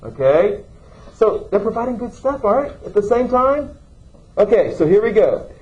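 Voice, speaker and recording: Male teacher, questioning style, somewhat high voice, lo-fi classroom recording. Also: sing-song, normal speed, darkish tone. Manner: questioning, checks in with "okay?". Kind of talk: classroom lecture.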